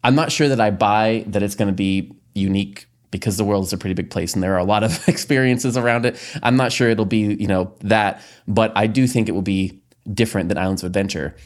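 A man hosting a casual podcast talk, his voice on the low side. He chats freely, sprinkling in likes and little laughs. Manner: chatty, quick to laugh, filler-heavy. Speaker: podcast host. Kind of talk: casual discussion.

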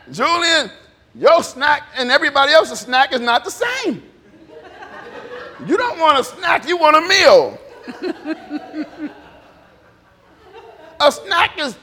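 Laughing, animated preacher in his fifties. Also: extremely high pitch, slow pace, pauses often. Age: 50s. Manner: animated preaching, laughs often, acts out dialogue. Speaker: pastor. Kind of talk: sermon. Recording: long reverb of a large hall.

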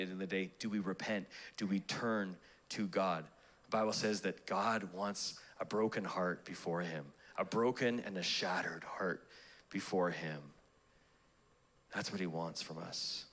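A man's voice: low-pitched, fairly bright tone. A pastor preaching a sermon, telling a personal story in a conversational way, laughing at himself and restarting his sentences. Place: church auditorium.

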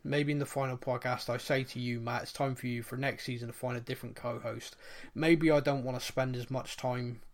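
A man's voice: medium pitch, steady tone, a little fast, few pauses. A man co-hosting a podcast in casual chat, rambling and laughing at himself. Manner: rambling, laughing, self-deprecating. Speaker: podcast co-host.

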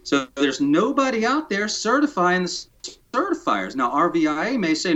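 A man guest on a podcast who jokes around, then explains codes and certification at length. His voice is fairly high. The recording is dull and lo-fi. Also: very animated, normal speed, pushed and bright. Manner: joking, then detailed and technical. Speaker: podcast guest, tiny house builder. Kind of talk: casual interview talk. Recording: dull lo-fi sound.

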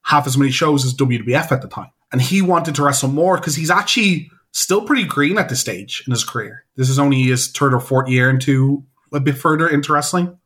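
A man co-hosting a casual podcast chat, talking in an enthusiastic, rambling way with quick asides. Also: mid-range voice, fairly bright tone. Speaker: podcast co-host.

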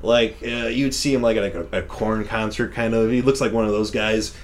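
A young man with a fairly low voice chats casually about a movie, rambling from one thought to the next. He laughs often and swears without a second thought. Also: fairly even intonation, fairly quick. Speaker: podcast co-host reviewing a movie. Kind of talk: casual chat.

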